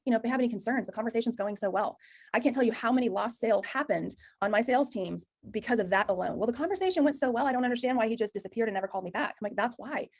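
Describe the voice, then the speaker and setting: A middle-aged woman from Texas with a Texan accent, giving an emphatic, loud sales training presentation to a room. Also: medium pitch. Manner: loud, emphatic, talks very fast.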